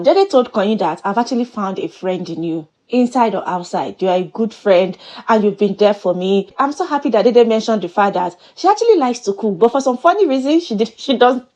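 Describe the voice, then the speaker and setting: A woman's voice: mid-range voice, darkish tone. A woman recaps a reality show in a chatty gossip style. She is playful and full of exclamations. Her voice swings up and down a great deal. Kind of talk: casual gossip commentary.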